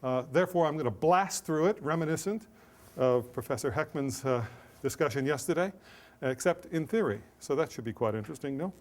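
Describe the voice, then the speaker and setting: A middle-aged man giving an academic lecture, joking and self-deprecating, with brisk asides and anecdotes. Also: on the high side, lively intonation.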